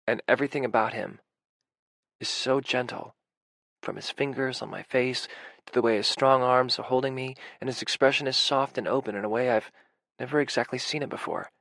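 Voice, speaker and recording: A man's voice: medium pitch, gravelly, fairly bright tone, dry recording. A man reading a first-person audiobook in an intimate, emotional way, with anxious, racing passages. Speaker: audiobook narrator.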